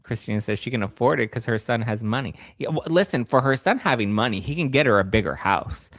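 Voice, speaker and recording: A male host giving sarcastic, animated commentary on celebrity news, at times jumping into high squeals. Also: quick pace, no echo, clean studio sound. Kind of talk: casual commentary.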